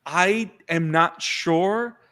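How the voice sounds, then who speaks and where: A man with a slightly higher voice co-hosts a casual anime chat. He talks in an animated way, stumbling over and repeating words as his ideas pile up. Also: drawn-out words. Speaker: podcast co-host.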